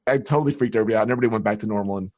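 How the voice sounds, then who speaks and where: A man from New York, a podcast guest telling personal stories in an animated way and acting out the dialogue. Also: lowish voice, rapid-fire. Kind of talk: storytelling interview.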